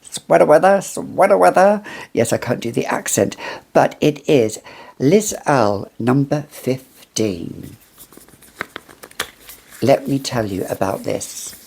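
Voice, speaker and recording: A British woman talking casually and warmly about perfumes she loves, gushing and rambling with little restarts. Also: rumbling low, slow, pauses often, husky. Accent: British English. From United Kingdom. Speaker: fragrance reviewer. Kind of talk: casual review vlog.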